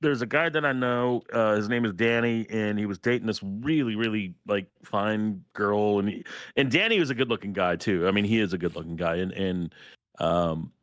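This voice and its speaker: Low-voiced man rambling through a story. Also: no room sound, studio quality. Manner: rambling, halting, many fillers. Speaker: podcast co-host. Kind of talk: casual storytelling.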